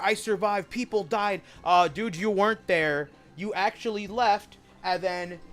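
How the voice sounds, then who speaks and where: A young man with a slightly high voice chats loosely over a game, wandering off into opinionated tangents and swearing freely. Soft game music runs quietly underneath him. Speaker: gaming streamer. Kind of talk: casual gameplay commentary.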